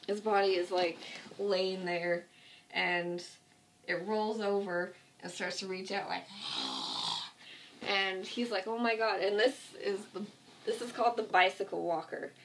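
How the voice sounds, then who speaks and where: A woman talks through a TV episode at home in a loose, meandering way, stuffing her sentences with fillers. Her voice has a gravelly, creaky edge. She sits a little back from the mic, so she sounds slightly distant. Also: medium pitch, fairly even intonation, a little slow, slight background noise. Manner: rambling, filler-heavy, lots of "like". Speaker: vlogger. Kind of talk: casual retelling of a TV episode. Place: at home, with a cat nearby.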